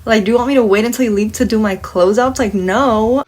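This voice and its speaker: Her voice fairly high, a little fast and a little mellow, a young woman recounts an incident from work as she applies makeup. The telling is casual but indignant, packed with expletives and acted-out quotes.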